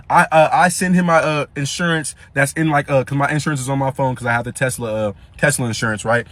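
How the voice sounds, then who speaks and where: A young man casually telling a story in slangy, animated speech, acting out the dialogue. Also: mid-range voice, quick pace, hardly any pauses, no echo.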